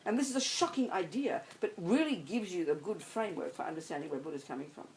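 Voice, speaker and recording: A woman's voice: fairly low pitch, expressive, quick pace, darkish tone, a little hiss or hum, poor audio. A woman, a Buddhist nun, giving an emphatic, blunt dharma talk to a group. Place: meditation centre hall.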